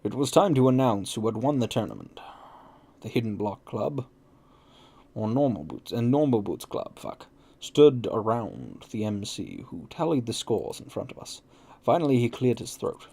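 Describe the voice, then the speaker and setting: Gravelly man reading with wry asides. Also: medium pitch, very animated, moderate pace, darkish tone. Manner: swears at his own slips, wry asides. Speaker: let's play host. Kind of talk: casual visual novel read-through. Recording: faint game music behind.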